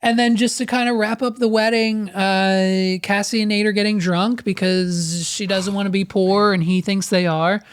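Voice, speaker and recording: A man's voice: sits high, little pitch movement, normal speed, hardly any pauses, clean tone. A man co-hosting a podcast, casually recapping a TV episode with rambling restarts. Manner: rambling, lots of fillers and restarts. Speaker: podcast co-host.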